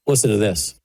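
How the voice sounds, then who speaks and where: A man's voice: fairly low pitch, darkish tone. A man hosting a political commentary show, talking indignantly and with sarcasm over played clips. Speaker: host.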